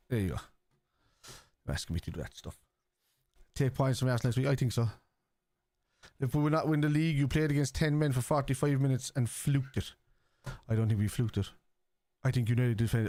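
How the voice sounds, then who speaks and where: A man's voice: mid-range voice, warm tone, no room sound. A man with a Scouse accent, hosting a football watchalong live stream, reading viewers' chat aloud and answering it in a casual, chatty way.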